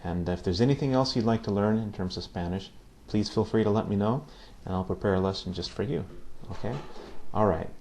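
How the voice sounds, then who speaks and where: Man, teacher, casual video lesson, lowish voice, patient, repeats phrases, asks "okay?". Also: a little fast, few pauses, darkish tone. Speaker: Spanish teacher.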